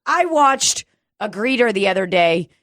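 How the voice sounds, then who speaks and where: Foul-mouthed woman telling animated stories. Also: medium pitch, a little slow, no room sound, clean studio sound. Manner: profane, animated storytelling with acted-out quotes. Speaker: podcast co-host. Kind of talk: casual chat.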